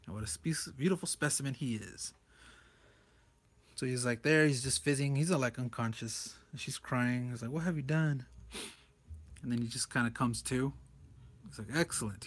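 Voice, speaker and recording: In a loose, rambling review of a comic book, a man goes page by page and chuckles often. His voice is medium-pitched and fairly bright, suited to this casual comic commentary.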